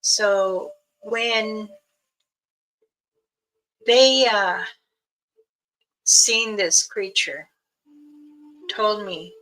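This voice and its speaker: An older woman, an elder and spiritual guide, telling a rambling story on her livestream, with many pauses and restarts. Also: mid-range voice, a bit bright, rough recording. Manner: meandering, with many fillers and restarts.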